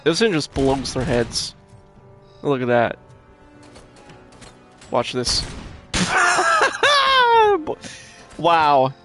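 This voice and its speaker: A man playing a video game and commenting, swearing at enemies, talking to his chat and bursting into loud shouts. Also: mid-range voice, slow pace, pauses often, faint music behind. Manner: profane, trash-talks enemies, addresses chat. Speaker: gamer commenting on his own play. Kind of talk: let's-play commentary.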